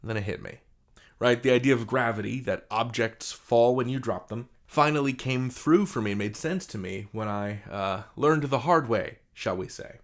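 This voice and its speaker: A man's voice: medium pitch, moderate pace. A man teaching a vocabulary lesson in a playful, jokey, theatrical scripted style.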